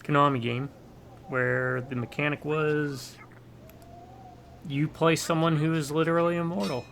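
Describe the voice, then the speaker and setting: A man's voice: on the high side, level tone, a little slow, creaky, fairly bright tone, a little hiss or hum. A man hosting a co-op gaming stream, chatting casually and rambling into jokey asides about old games. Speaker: co-op gaming channel host. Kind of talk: casual gameplay chat.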